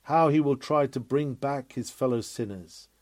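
A man preaching a fervent sermon, rising to loud cries and dropping to quiet asides. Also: medium pitch, normal speed, no room sound.

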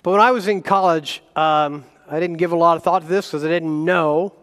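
A man preaching a sermon as a guest pastor, animated and self-deprecating, with chuckles between points. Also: a little high, a little fast, long reverb tail. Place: church sanctuary.

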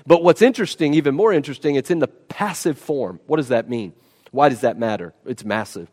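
Emphatic preacher in a reverberant hall. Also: male voice, medium pitch, expressive, fairly quick, darkish tone. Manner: emphatic, repeats key words. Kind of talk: sermon. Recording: long reverb of a large hall.

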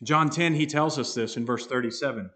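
Male preacher, earnest, emphatic, slows to stress words, mid-pitched voice. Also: bright, forceful tone. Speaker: pastor. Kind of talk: expository sermon.

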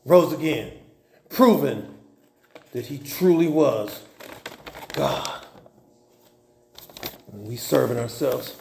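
A man preaching a sermon, telling Bible stories in a lively, folksy and humorous way. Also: mid-range voice, a little slow, creaky, slight background noise. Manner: animated, folksy storytelling with humor. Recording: roomy echo.

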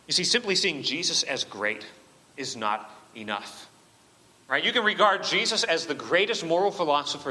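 A man's voice: fairly high pitch, bright, forceful tone. A man preaching a sermon as pastor, emphatic and full of rhetorical questions. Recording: long reverb of a church hall.

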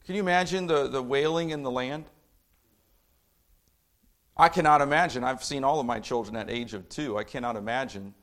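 A middle-aged man preaching a sermon, impassioned, swinging from low reading to fired-up outbursts. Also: normal speed, pauses often, a bit bright.

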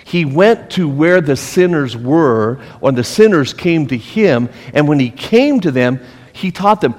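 A middle-aged man teaching a Bible study as pastor, animated and asking his listeners questions. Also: a little high, unhurried, in a large hall. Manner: animated, asks the group questions, acts out scolding voices.

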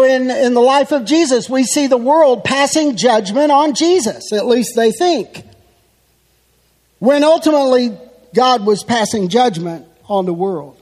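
A man preaching a sermon, teaching slowly and with emphasis as he works through a passage. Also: extremely high pitch, long reverb tail. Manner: slow, emphatic expository teaching.

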